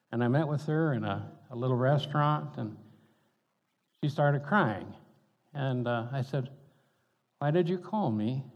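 Gravelly folksy older pastor preaching. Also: male voice, mid-range voice, darkish tone. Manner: folksy, conversational, chuckles between points. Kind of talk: storytelling sermon. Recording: dull reverberant hall sound.

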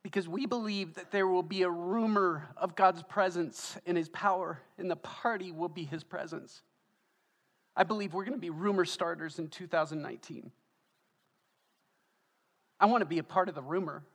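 A man preaching as the pastor of a church, emotional and tearful, building to loud, fervent delivery. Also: high-pitched, moderate pace. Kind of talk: sermon. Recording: long church hall reverb.

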